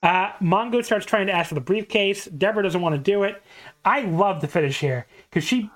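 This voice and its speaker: A podcast host casually recapping a match, telling it in an animated way and laughing often. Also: mid-range voice, brisk. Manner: animated retelling with frequent laughter.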